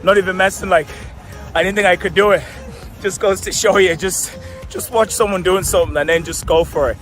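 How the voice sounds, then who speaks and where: A man's voice: high voice, fairly quick, a bit bright, soft background music. A man in his thirties, originally from Tanzania, with an Irish accent. He chats casually and upbeat to a handheld camera, laughing often. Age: 30s. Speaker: vlogger and marketing coach. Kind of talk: casual vlog chat.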